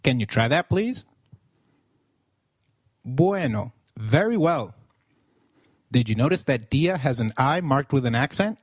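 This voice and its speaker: Man teaching a slow, clear lesson. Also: medium pitch, big pitch swings, no echo, studio quality. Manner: slow, clear instructional delivery with pauses for repetition. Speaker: language teacher. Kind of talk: scripted language lesson.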